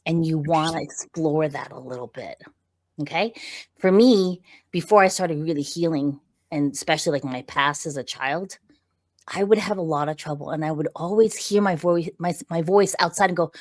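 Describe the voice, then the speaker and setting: A middle-aged woman guest on a podcast, explaining voice and breathing in an animated, conversational way with frequent check-ins. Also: low-pitched, moderate pace. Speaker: podcast guest, visibility coach. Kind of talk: conversational interview.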